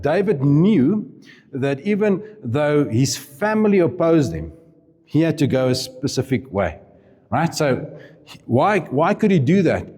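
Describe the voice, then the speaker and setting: Mellow-voiced preacher, echoey hall. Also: male voice, mid-range voice, slightly rough. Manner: chatty and informal, with asides and laughs. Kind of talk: sermon storytelling. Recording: reverberant hall.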